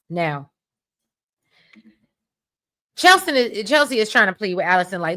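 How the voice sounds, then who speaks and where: A woman casually recapping a show in a sassy, animated way. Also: medium pitch, a little fast. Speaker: recap vlogger.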